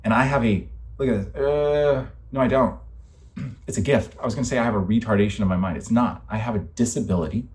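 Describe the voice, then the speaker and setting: A man's voice: medium pitch, fairly quick, darkish tone. A young man in a vlog, talking alone in an impassioned, rambling monologue and swearing as his frustration builds. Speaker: vlogger.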